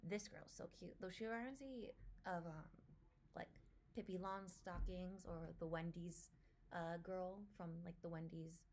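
A woman giving a casual trailer reaction, gushing with excitement and often dropping to a soft whisper. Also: on the low side, unhurried, a little hiss or hum. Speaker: reaction video creator.

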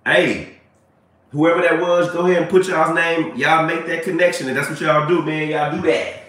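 A man's voice: a little high, fairly even intonation, normal speed, a bit bright, far from the mic. A man hosting a casual live stream, chatting with viewers and laughing often. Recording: echoey room, away from mic.

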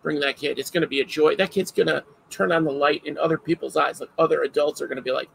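A man hosting a casual chat, telling stories in an animated way and laughing often. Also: a little high, fast talker, gravelly, slight background noise, rough recording.

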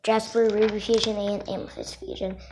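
A woman casually showing off her drawings, halting and self-conscious, often apologizing. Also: mid-range voice, little pitch movement, darkish tone. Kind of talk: casual show-and-tell. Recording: noisy home recording.

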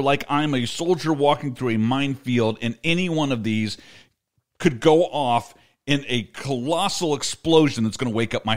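A middle-aged man co-hosting a podcast, telling a story in casual chat and laughing often as he talks. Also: medium pitch. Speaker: podcast co-host.

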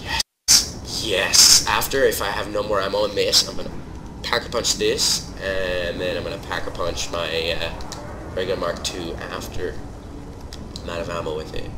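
Brief: male gaming host, lowish register, excitable commentary with sudden loud outbursts over steady background noise. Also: normal speed. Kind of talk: live gameplay commentary.

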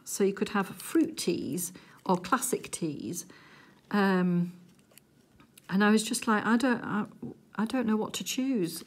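A middle-aged woman from England chatting casually to viewers while she crafts, giggly and easily excited. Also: medium pitch. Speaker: crafting vlogger.

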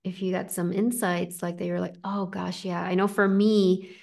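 A woman hosting a guided spiritual talk over a video call, speaking gently and reflectively with frequent "right?" and "like". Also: lowish voice, level tone, moderate pace, creaky. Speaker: host and spiritual teacher.

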